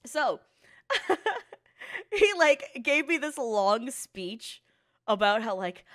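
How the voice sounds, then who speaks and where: A woman's voice: a little high, extremely slow, long pauses. A woman giving casual reaction commentary on an anime. She swears freely, laughs often and talks candidly about her own past. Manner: animated and profane, laughs often.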